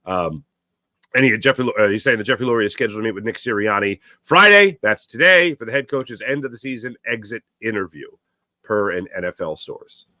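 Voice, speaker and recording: A man hosting a solo sports talk show, rambling and opinionated, with fillers and self-corrections, growing louder and higher as he gets worked up. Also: expressive, brisk, no echo, studio quality.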